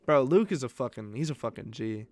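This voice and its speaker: He's a young podcast co-host whose medium-pitched voice is animated, brisk and a little mellow, recorded at studio quality without echo. Chatting casually, he curses often and acts out other people's words as he tells stories.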